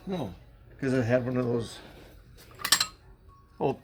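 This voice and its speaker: A man's voice: medium pitch, slow, very noisy. Plainspoken man mumbling off-mic. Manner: plainspoken, complaining, mumbles at times. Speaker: thrift store worker. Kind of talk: casual conversation. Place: thrift store stockroom.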